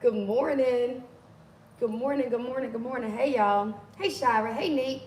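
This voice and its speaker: A woman hosting a live stream, greeting viewers by name in an affectionate, animated way. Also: a little high, normal speed. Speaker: livestream host. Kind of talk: casual live stream chat. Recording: echoey room with faint ambient noise.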